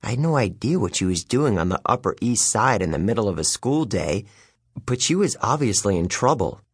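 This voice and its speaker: A male audiobook narrator telling a first-person adventure with a wry, youthful edge. His pitch moves a lot, his voice is slightly husky, and the dry, close recording has no room sound around it. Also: brisk, no echo. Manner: lively, wry storytelling with youthful character voices.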